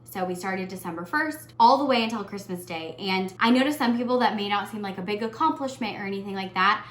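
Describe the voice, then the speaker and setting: A woman's voice: medium pitch, brisk, a bit bright. Earnest young woman vlogger, echoey room. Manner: earnest, heartfelt, gets emotional. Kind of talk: casual year-end tag vlog.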